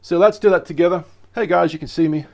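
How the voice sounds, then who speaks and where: A man's voice: high-pitched, fast talker, vocal fry, darkish tone, muffled recording. A man hosting a casual video commentary, enthusiastic and rambling, often stopping to correct himself. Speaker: video host.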